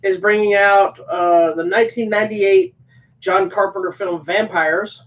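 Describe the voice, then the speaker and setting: A man's voice: high voice, fairly even intonation, a little slow. Easygoing man co-host, distant muffled sound. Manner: easygoing, rambling with fillers. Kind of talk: casual chat. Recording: dull sound from a distant mic.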